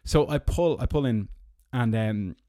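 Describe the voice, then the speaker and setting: Mellow and unhurried, a young man with an Irish accent talks through rambling tales on his solo podcast while sitting in a parked car. He's sarcastic throughout and squeaks mockingly when poking fun. There's no room sound, and the quality is studio grade.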